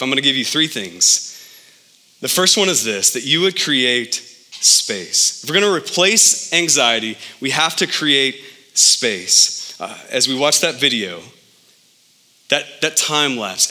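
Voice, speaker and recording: A man in his thirties preaching a sermon as pastor, animated, with his pitch jumping up for emphasis.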